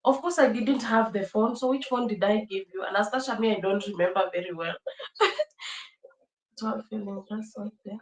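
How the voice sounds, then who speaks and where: Young woman, livestream host, chatty and emotional, mid-pitched, recorded in an echoey room. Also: moderate pace. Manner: chatty, emotional, repeats phrases, laughs often. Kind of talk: casual livestream chat with viewers.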